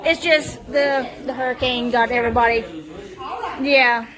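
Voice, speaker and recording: A high-voiced woman talks casually into her phone camera, chatty and quick to laugh. Voices of a crowd murmur behind her throughout. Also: steady tone. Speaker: vlogger. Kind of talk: casual vlog narration. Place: family house at night, evacuated. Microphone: handheld phone camera.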